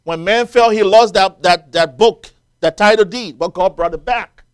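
A man's voice: sits high, normal speed, clear, resonant tone. A man preaching a sermon, quoting scripture and building to emphatic, rising peaks as the congregation answers.

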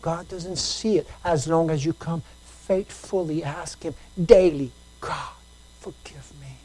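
This woman's sermon unfolds as a story with repeated phrases, rising to loud emphasis and dropping to quiet talk. Her voice sits low and she speaks unhurriedly, on a rough recording.

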